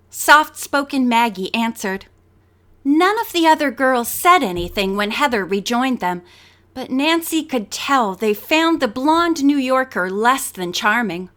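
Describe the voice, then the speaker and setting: High-voiced woman reading a mystery. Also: animated, unhurried, fairly bright tone. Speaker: audiobook narrator. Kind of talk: scripted narration.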